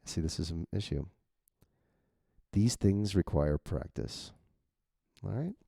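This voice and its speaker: Gravelly low-voiced man talking through edits. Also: animated, takes it slowly, dark tone, no echo, clean studio sound. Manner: rambling, casual, swears freely, chuckles at himself. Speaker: novelist. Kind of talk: thinking-aloud editing walkthrough.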